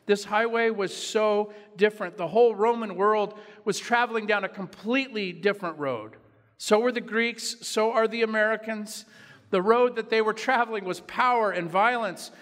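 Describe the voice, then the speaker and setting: Male pastor, earnest storytelling sermon, high voice, echoey sanctuary. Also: normal speed, a bit bright. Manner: earnest, personal storytelling preaching. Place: church sanctuary.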